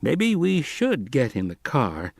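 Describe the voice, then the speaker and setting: Man voicing a detached mathematician, quiet, measured, explanatory, audiobook. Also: medium pitch, wildly swooping pitch, vocal fry, no echo, clean studio sound, heavily acted. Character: calm, detached male mathematician.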